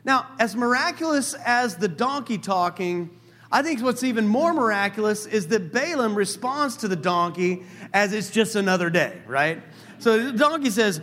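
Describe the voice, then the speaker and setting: Man, pastor, sermon, lively storytelling, high voice. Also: normal speed.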